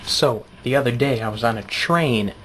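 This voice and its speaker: A man's voice: mid-range voice, moderate pace, a bit bright, a little hiss or hum. A man doing an absurd comedy vlog, rambling through shaggy stories that keep interrupting themselves. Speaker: comedy vlogger. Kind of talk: deadpan rambling comedy monologue.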